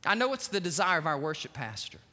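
A man preaching a sermon as the pastor, telling stories with energetic, emphatic swings in loudness. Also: a little high, quick pace. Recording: long hall reverb.

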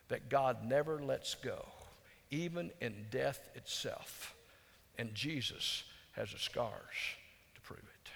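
A man preaching a storytelling sermon in a folksy, conversational way, dropping to hushed tones for emphasis. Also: medium pitch, creaky. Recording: long hall reverb.

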